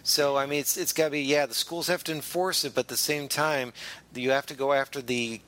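Podcast host dude, bright punchy voice, rambles and laughs a lot. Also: male voice, mid-range voice, fairly even intonation, brisk. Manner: rambling, lots of fillers and restarts, laughs often. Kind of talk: casual comedy podcast chat.

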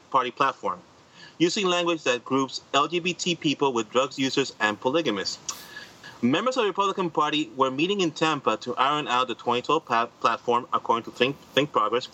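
A man's voice: mid-range voice, pushed and bright, rough recording. A man co-hosting a comedy podcast, reading news stories aloud and tripping over words now and then.

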